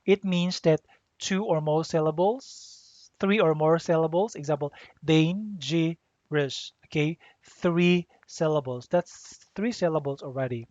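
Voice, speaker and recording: Slow teacher. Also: medium pitch, darkish tone, no room sound. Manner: deliberate, spells out letters and repeats rules. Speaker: English teacher. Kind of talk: grammar lesson. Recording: dull lo-fi dry recording.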